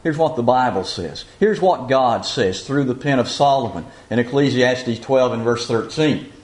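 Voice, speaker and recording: A man preaching a sermon, asking rhetorical questions and reading scripture aloud slowly and deliberately. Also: mid-range voice, low-quality recording.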